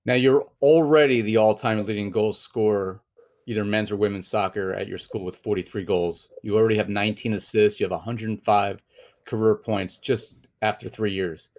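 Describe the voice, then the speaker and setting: A man's voice: lowish voice, steady tone, moderate pace, darkish tone. A man hosting a formal award interview, speaking with a polished, announcer-like delivery. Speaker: interviewer, university communications director.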